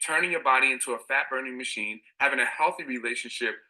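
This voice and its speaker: A fitness trainer and host chats openly in a lively, animated way and now and then turns emotional. His voice is very bright and forceful. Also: mid-range voice, quick pace, rough recording. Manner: candid and animated, sometimes emotional. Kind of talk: casual podcast chat.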